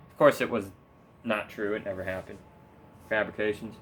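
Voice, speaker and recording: A man's voice: on the low side, normal speed, fairly bright tone, slight background noise. A young man ranting sarcastically about politics while playing a video game, swearing and rambling with frequent laughs. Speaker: gaming streamer. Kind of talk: casual political rant while gaming.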